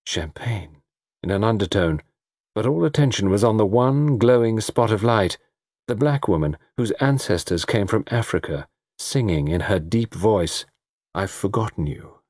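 A man's voice: on the low side, animated, moderate pace, a little mellow, dry recording, studio quality. A man reading a story aloud, with dramatic, varied storytelling. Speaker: audiobook narrator. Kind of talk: scripted narration.

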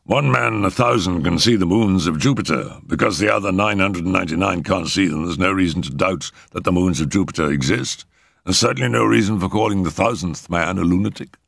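A man voicing a calm, matter-of-fact older doctor who soothes a troubled patient, in a storybook reading. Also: sits low, gravelly, dry recording, studio quality, full character voice. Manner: unhurried, wry, matter-of-fact. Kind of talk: audiobook character reading.

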